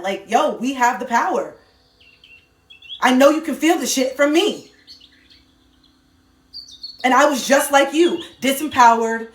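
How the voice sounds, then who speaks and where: A woman's voice: on the high side, far from the mic. A woman giving an impassioned livestream monologue into her phone, emphatic and swearing, repeating lines for effect. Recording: echoey room, voice set back from the phone.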